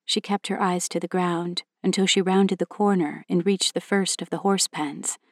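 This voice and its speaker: Storyteller: woman, lowish voice, steady clear narration, dry close recording. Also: moderate pace, no room sound.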